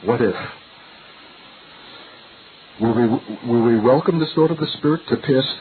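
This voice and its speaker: A man's voice: medium pitch, normal speed. An older man preaching a sermon in an earnest, searching way, full of rhetorical questions. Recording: tinny lo-fi recording with faint hiss.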